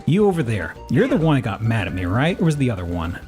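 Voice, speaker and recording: Animated male game streamer. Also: fast, soft background music. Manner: playful, reacts loudly with sudden high exclamations. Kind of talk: casual live gameplay chat.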